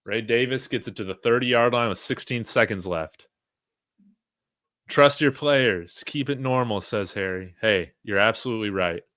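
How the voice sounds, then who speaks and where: A man giving live play-by-play reactions as a fan, reading chat comments aloud and shouting on big plays. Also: lowish voice, moderate pace, no room sound, clean studio sound. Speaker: fan watch-along commentator.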